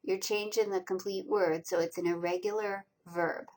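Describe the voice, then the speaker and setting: A woman teaching college reading skills over slides, explaining pronunciation and stressing each syllable with slow, deliberate enunciation. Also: medium pitch, steady tone, darkish tone, poor audio. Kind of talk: recorded lecture over slides.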